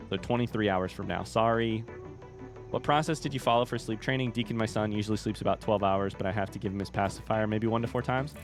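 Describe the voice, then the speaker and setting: A young man chatting casually with his viewers while he plays a game, telling a long rambling story. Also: lowish voice. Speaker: streamer. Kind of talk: casual chat while gaming.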